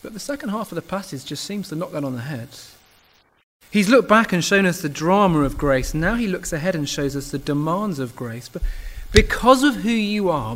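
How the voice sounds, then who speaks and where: A man's voice: high-pitched, fairly bright tone. A man preaching a sermon in a church, earnest and emphatic, now and then restarting a word.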